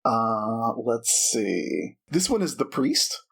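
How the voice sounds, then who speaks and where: A man's voice: medium pitch, sing-song, takes it slowly, creaky, very noisy. A man narrating as game master of a tabletop role-play game, chatty and full of fillers. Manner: chatty and hesitant, many fillers.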